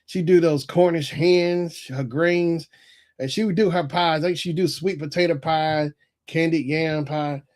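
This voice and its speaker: A man from North Carolina hosts a live stream and chats casually. His voice sits a little high, and he rambles and chuckles as he talks. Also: unhurried. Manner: relaxed, rambling, chuckles often, reads chat aloud. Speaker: livestream host reading chat.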